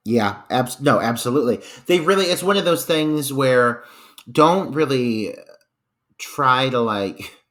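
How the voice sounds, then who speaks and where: A man's voice: medium pitch, expressive, a little slow, a bit bright. A man co-hosting a podcast, talking casually about a film in loose phrasing full of fillers. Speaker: podcast co-host.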